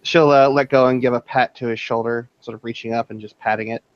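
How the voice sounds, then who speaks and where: A man as game master, narrating a tabletop role-play scene in measured storytelling with hesitant fillers. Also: mid-range voice, steady tone, clean tone, no echo, muffled recording.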